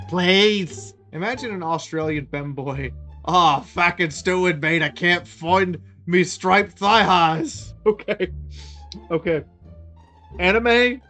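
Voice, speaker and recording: A woman streamer reacting to memes in a loose, excitable way, swearing and riffing freely. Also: fairly low pitch. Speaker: VTuber streamer. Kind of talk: meme reaction commentary.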